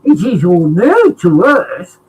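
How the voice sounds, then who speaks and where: A man's voice: sits high, huge pitch swings, slow pace, a little mellow, slightly rough, poor audio. A man chatting as a guest on a live stream. He rambles and fills his talk with ums and uhs. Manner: rambling with many fillers. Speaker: chat guest. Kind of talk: casual live-stream chat.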